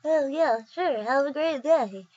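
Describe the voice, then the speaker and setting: A woman doing an impression of a polite older male store cashier with a slow, genial, customer-service manner. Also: high-pitched, a little mellow, voice pushed up. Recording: dull dry lo-fi recording.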